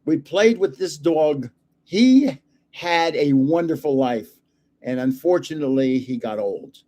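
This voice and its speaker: An older man, a grandfather hosting his own channel, chatting casually and telling rambling stories with plenty of pauses. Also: on the high side, lively intonation, mellow. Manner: rambling storyteller with fillers. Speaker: host of a card channel. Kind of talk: casual livestream chat.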